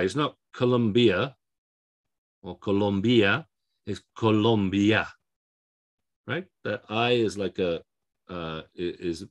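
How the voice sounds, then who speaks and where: A man's voice: lowish voice, fairly bright tone. A man teaching Spanish pronunciation in a lecture, explaining rules step by step and often checking in with "okay?". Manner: explanatory, frequent fillers and restarts, checks in with okay. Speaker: Spanish language instructor.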